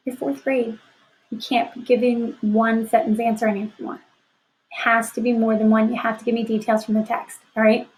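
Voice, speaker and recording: A woman's voice: on the high side, flat delivery, moderate pace, poor audio. A woman teaching a fourth grade class in a recorded lesson, upbeat and encouraging, often checking in with "right?". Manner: upbeat, encouraging, asks rhetorical questions. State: sleepy, yawning. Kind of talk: remote class lesson to children.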